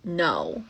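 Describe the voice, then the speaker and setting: A young woman hosts a podcast of old ghost stories in a slightly low voice. She reads the spooky passages slowly, then drifts into casual, rambling chat packed with fillers and asides. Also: creaky, husky. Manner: rambling and chatty, many fillers, slows down for spooky lines.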